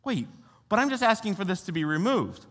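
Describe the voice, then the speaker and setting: A young American man preaches as a youth pastor, his voice bright and a little high, and his pitch swings widely. He keeps the sermon conversational and tosses rhetorical questions to the room. A long reverb from a large hall trails behind his words. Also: sing-song, fairly quick. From United States.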